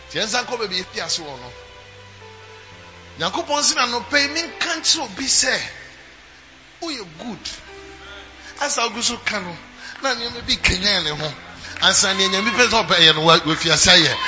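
High-voiced Ghanaian preacher shouting over music. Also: male voice, sing-song, normal speed, long pauses, muffled recording. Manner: preaching, alternating hushed teaching with shouted declarations. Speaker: pastor. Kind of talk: sermon. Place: church service. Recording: live church with music and congregation. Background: instrumental music and congregation.

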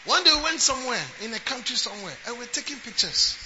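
A man preaching a sermon as a bishop, building from talk into emphatic shouts. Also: very high-pitched, fast. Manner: emphatic preaching, rising to shouts and acting out quotes. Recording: lo-fi with steady background noise.

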